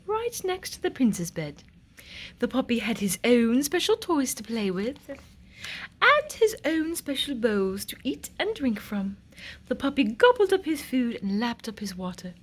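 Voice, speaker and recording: Woman reading a picture book aloud, high and very lively, sing-song storytelling. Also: measured pace.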